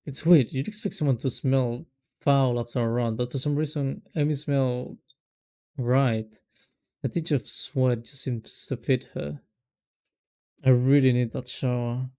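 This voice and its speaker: Gravelly young man reading a visual novel. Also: mid-range voice, fairly even intonation, measured pace, warm tone. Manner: reads narration aloud, stumbles and rereads lines, breaks off with casual remarks. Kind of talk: let's play reading with asides.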